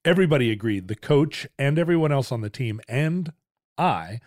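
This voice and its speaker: A man's voice: mid-range voice, moderate pace, dry recording, studio quality. A man from Alaska, co-hosting a podcast and telling self-deprecating stories in casual chat. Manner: self-deprecating storyteller, animated. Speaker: podcast co-host.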